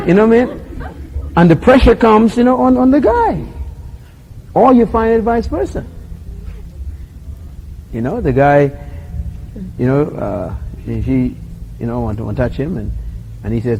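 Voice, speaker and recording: A man's voice: a little high, big pitch swings, measured pace, pauses often, mellow, a little hiss or hum, poor audio. A middle-aged man with a Bahamian accent preaching a sermon, acting out little scenes with voices and laughter.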